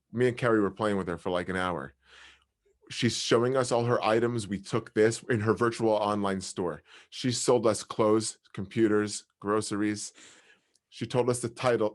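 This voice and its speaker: A man telling rambling stories in casual podcast chat, full of fillers and restarts. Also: mid-range voice. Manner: rambling, fillers, lots of "dude" and "like".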